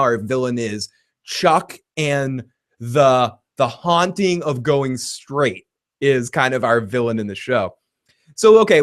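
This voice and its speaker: A man giving a casual, rambling TV episode recap, swearing freely and chuckling as he goes. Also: mid-range voice. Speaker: TV show reviewer.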